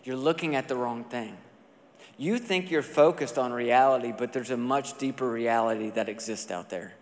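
A man preaching a sermon as a pastor, talking in a conversational, animated storytelling way with casual asides. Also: mid-range voice, moderate pace. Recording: long hall reverb.

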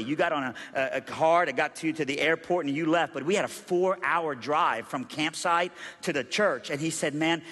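A man preaching a sermon, telling a story with lively, animated delivery and acting out the voices of the people in it. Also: on the high side. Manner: animated, acts out quoted voices, rises to loud excited peaks. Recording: long reverb of a large hall.

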